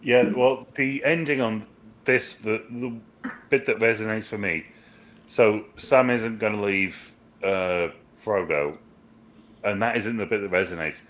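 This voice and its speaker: Low-voiced man in a rambling review chat. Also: unhurried, a bit bright. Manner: rambling, jokey, swears freely. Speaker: podcast co-host, movie reviewer. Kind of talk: casual chat.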